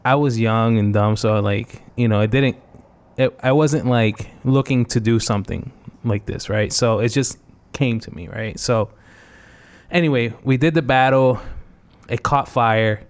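A man's voice: medium pitch, a little slow, clean tone. A man being interviewed as a guest on a radio show, telling a loose story full of fillers. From New England. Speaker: guest, hip-hop event organizer.

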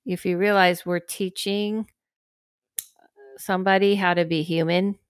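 A woman hosts a podcast in loose, casual chat, rambling with many fillers. Her voice sits low and sounds smooth and clear. The recording is dry and close. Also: measured pace, no room sound. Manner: rambling, filler-heavy talk with lively acted-out quotes. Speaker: podcast host.

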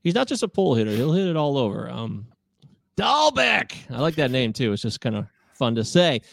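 A man from the American Midwest, co-hosting a casual sports chat, chatty and animated and quick to laugh. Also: medium pitch, creaky, no room sound, clean studio sound. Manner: chatty and animated, laughs often, leads the questions. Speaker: podcast co-host.

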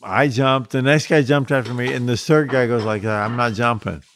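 A man casually telling a personal anecdote, vivid and lively, with frequent restarts. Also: medium pitch, moderate pace, slight background noise. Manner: animated, vivid storytelling with restarts. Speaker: storyteller.

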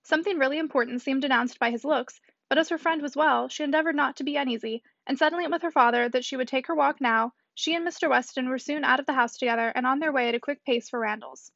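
A woman reading a classic novel aloud as an audiobook, fluent and brisk. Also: sits high, creaky, a bit bright, dry recording, highs cut off. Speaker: audiobook reader.

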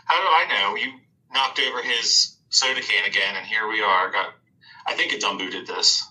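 A man's voice: on the low side, normal speed, sharp tone, rough recording. A man voicing Magic Mike, a joking male adventurer who laughs often.

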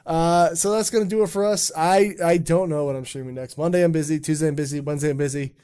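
A man's voice: fairly high pitch, fairly even intonation, fast, mellow, clean tone. A man hosting a casual podcast chat, rambling and joking with plenty of swearing. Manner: rambling, swearing, loose and jokey. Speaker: podcast host.

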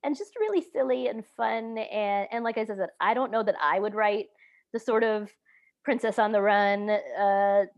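A woman's voice: medium pitch, normal speed. A woman, a writer, chatting casually about films, talking in restarts and trailing asides with frequent laughs. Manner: chatty, animated, laughs often, trails off mid-sentence. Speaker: podcast guest, writer.

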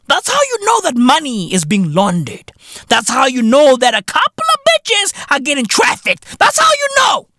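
A podcast host, a man with British slang, rants in an animated, profane comic monologue. His pitch swings widely while he takes his time over each line. The sound is dry and close. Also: no echo. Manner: animated, profane, slangy, laughing between lines. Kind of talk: comedic rant monologue.

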